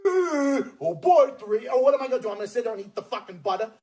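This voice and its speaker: A man with a Massachusetts accent ranting loudly and profanely in a mocking, angry online video. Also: extremely high pitch, animated, fast. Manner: profane, loud, mocking outbursts.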